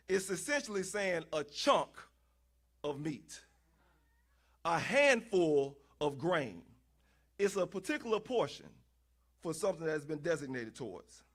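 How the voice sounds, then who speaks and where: A man preaching a sermon, using folksy asides, rhetorical questions and repeated phrases. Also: a little high. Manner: animated, rhetorical questions and repetition; folksy, addresses congregation as y'all.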